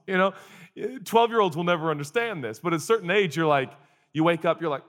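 A man's voice: expressive, fairly quick, a bit bright, long reverb tail. A man in his forties, a pastor giving a sermon, who mixes comic storytelling and acted-out quotes with earnest questions. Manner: comic storytelling, acts out groans and quotes in a high voice.

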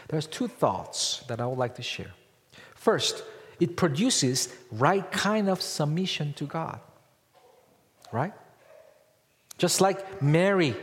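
Preaching man in a reverberant hall. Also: medium pitch. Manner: emphatic preaching with rhetorical questions. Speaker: pastor. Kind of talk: sermon.

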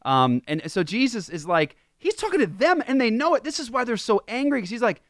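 A man co-hosting a casual Christian podcast discussion, animated and mocking when he quotes others. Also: very high-pitched, a little fast, no echo, studio quality. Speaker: co-host.

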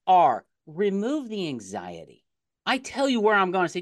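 A middle-aged man hosting a sales podcast interview in a casual, excitable way, often repeating words as he gets going. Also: sits high, measured pace, dry recording, clean studio sound. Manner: animated, laughs easily, repeats words when excited. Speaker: podcast host.

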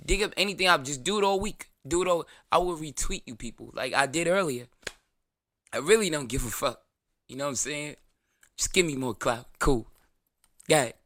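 A man's voice: on the high side, animated, normal speed, a bit bright, dry recording. A man with a New York accent hosting his own show, delivering a brash, profane, defiant rant and mocking his critics in whiny voices. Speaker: show host. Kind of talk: ranting monologue.

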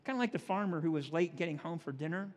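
High-voiced male pastor in echoing hall. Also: animated. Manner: reads scripture slowly, then talks plainly with folksy asides. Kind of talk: sermon. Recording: long reverb of a large hall.

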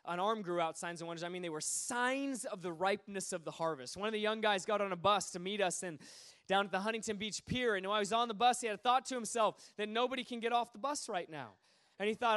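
A man preaching a sermon, telling stories with lively energy and acting out the voices of the people in them. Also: high-pitched, clean tone. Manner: animated, acts out quoted voices. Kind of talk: sermon storytelling.

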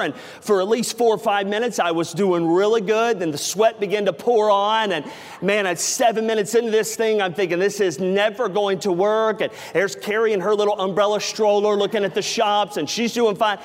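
Middle-aged male pastor, high voice, animated comic storyteller, sermon in a big echoing church. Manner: animated storyteller, acts out dialogue, self-mocking humor. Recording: reverberant hall.

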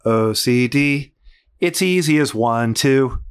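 A man's voice: mid-range voice, takes it slowly, smooth. A man co-hosting a casual chat show, playful and jokey. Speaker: podcast co-host.

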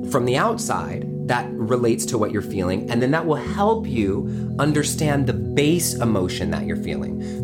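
A woman leading an emotional healing workshop in a casual, conversational way, acting out everyday small-talk replies as she explains. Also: deep voice. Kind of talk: teaching a live workshop session. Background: guitar music playing.

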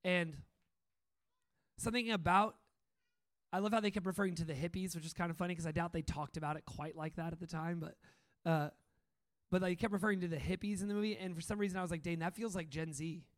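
A young man giving an informal, excitable sermon talk, telling stories and often laughing. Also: high voice, quick pace. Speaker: speaker at a training school.

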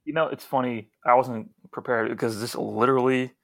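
A man hosts a casual podcast chat in a calm, matter-of-fact way. His voice sits mid-pitch and is recorded dry and close, with no room sound. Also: brisk, vocal fry, no echo.

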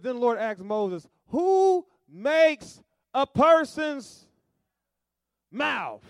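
A man preaching a sermon in a call-and-response style, moving between soft asides and loud, stretched-out emphasis. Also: fairly high pitch, dry recording, clean studio sound.

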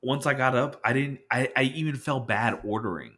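A man's voice: medium pitch, moderate pace, bright, forceful tone, breathy edge. A man co-hosting a podcast, telling a story in casual chat, acting out quotes and swearing as he gets worked up. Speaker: podcast co-host.

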